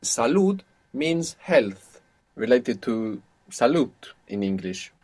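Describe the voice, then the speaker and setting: Male language tutor for a recorded course, mid-pitched, patient, step-by-step explainer. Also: big pitch swings, slow, darkish tone. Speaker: language teacher. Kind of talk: audio course instruction.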